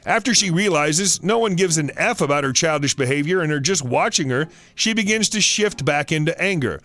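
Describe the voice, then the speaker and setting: A man's voice: a little high, animated, fairly quick, a bit bright. Wry man narrating an online story. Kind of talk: reading a Reddit story aloud.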